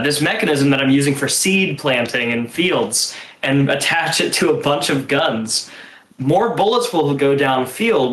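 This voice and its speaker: A man rambles through an explanation in a casual online chat, stumbling over restarts. His pitch is middling. The call sounds roomy. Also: a bit bright. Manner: rambling, with false starts and laughs. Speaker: writers' group member. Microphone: computer mic on a voice call.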